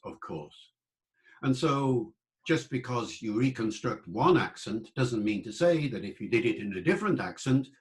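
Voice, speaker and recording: A male lecturer gives an online talk with a lively, widely ranging voice that rises and falls. He pitches in the middle for a man and explains patiently. He slows down to sound out single words for his listeners. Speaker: lecturer on the English language.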